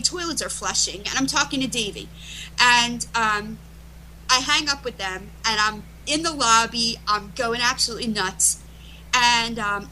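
Middle-aged woman guest, bright tense voice, kinda high, emphatic and rushing, faint hiss behind. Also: low-quality recording. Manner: emphatic, rushes and restarts phrases. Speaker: interview guest, event organizer. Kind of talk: animated storytelling in conversation.

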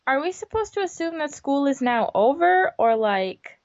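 A woman's voice: sits high, very animated, normal speed. A woman co-hosting a podcast, chatting casually with wry questions and asides. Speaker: podcast co-host. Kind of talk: casual chat. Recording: dull lo-fi recording.

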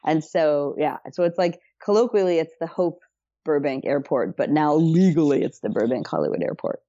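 A woman's voice: low voice, lively intonation, normal speed, warm tone, no room sound, dull audio. A woman co-hosting a podcast, chatting casually and adding trivia asides. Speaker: podcast co-host.

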